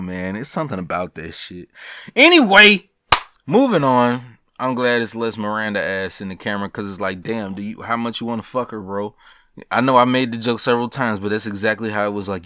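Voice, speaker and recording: A young man hosting a casual podcast, ranting about games with profanity, laughing asides and big animated swings. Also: lowish voice, smooth, no echo, clean studio sound. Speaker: podcast host. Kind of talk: casual gaming news rant.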